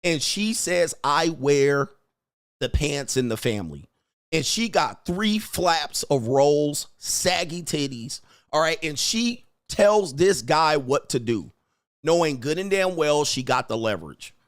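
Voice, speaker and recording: A man's voice: a little high, expressive, measured pace. A male livestream host giving brash, profane, combative commentary and laughing often. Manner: frequent laughter.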